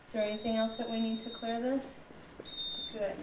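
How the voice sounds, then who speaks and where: Woman practitioner, higher voice, soothing and coaxing, recorded far off in an echoey room with loud noise and a dog nearby. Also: level tone, moderate pace. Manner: soothing, coaxing, repeats short instructions. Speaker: energy healing practitioner. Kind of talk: guiding a live treatment session.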